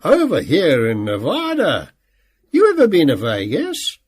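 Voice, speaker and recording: A man's voice: a little high, wildly swooping pitch, unhurried, slightly rough, heavily acted. A man putting on a twangy folksy clerk lady. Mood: proud. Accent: slight Western twang. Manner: folksy, calls everyone hon and darling. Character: chatty middle-aged woman storage clerk.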